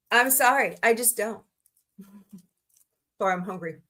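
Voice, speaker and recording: Chatty lady from missouri streaming live, bright voice, rambles and goes off on little rants. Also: fairly high pitch, a little slow, long pauses. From Missouri, USA. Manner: chatty, rambling, frank with frequent asides. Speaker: livestream host. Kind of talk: casual live stream chat.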